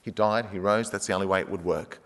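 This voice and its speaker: A man preaching a sermon, animated, acting out the quoted speech of the people in his story. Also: low-pitched, fast talker. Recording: long hall reverb.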